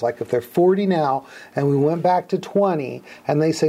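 Mellow-voiced man teaching hypnotherapy. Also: on the high side, normal speed, few pauses. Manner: explains step by step, acts out client replies. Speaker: hypnotherapy instructor. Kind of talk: teaching a class.

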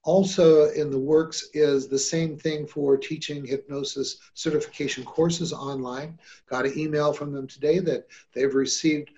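A man's voice: fairly high pitch, little pitch movement, unhurried, dark tone, muffled recording. A man hosting a podcast on hypnosis, talking in an upbeat, chatty way with some fillers. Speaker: host and hypnosis trainer. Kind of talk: casual podcast chat.

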